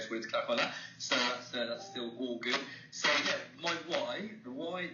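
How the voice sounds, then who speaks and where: A man's voice: mid-range voice, pushed and bright. A man from England with an English accent, a guest on a radio interview, speaking earnestly and openly. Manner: earnest, friendly, talks fast. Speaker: guest, psychologist and author. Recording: distant, echoey, muffled, noisy call.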